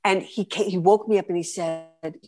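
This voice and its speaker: A woman's voice: fairly low pitch, moderate pace. A woman in her fifties from New York with a New York accent, a guest performer telling vivid stories in a podcast interview. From New York City. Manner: animated, vivid storyteller.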